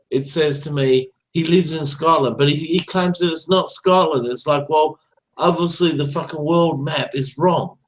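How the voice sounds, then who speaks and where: Fairly high-voiced guy ranting on a call, swears a lot, keeps going "right?". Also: low-quality recording. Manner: ranting, profane, repeats "right?". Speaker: caller. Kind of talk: casual chat.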